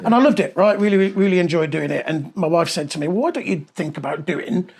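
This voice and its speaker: High-voiced chatty middle-aged man. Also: animated, fast, gravelly, a little mellow, slightly rough. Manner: chatty storyteller, many ums. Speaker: podcast co-host. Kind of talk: casual podcast chat. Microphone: clip-on mic with clothing rustle.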